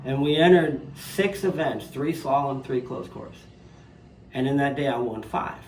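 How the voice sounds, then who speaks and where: Speaking a little slowly in a mid-range voice, a retired jet ski racer in his fifties tells animated stories as an interview guest in his living room, acting out quoted voices. He has a Southern US accent, comes from southern Louisiana, and was raised in Nevada. There's slight background noise and faint ambience in the roomy home room.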